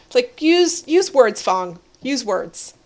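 A woman's voice: a little high, big pitch swings, takes it slowly, a little mellow. A woman co-hosting a podcast, recapping a cartoon episode in a chatty, jokey way and laughing often. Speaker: podcast co-host.

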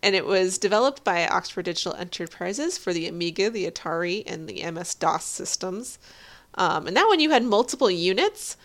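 A woman's voice: on the low side, lively intonation, normal speed, a bit bright. Chatty woman podcast co-host. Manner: chatty, explains trivia with little laughs. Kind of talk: casual episode review chat.

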